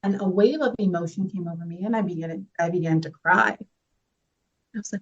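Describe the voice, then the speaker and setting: A woman's voice: on the low side, lively intonation, brisk, husky. Actress lady getting misty, heartfelt, kinda muffled lo-fi audio. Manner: heartfelt, earnest, laughs through tears. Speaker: actress guest. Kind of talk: emotional interview talk.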